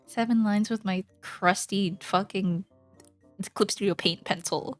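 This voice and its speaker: Slow-talking, playful woman streamer. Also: mid-range voice, steady tone, no room sound, soft background music. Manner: rambling, playful, laughs often, swears casually. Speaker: streamer chatting while drawing. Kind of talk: casual chat with live chat.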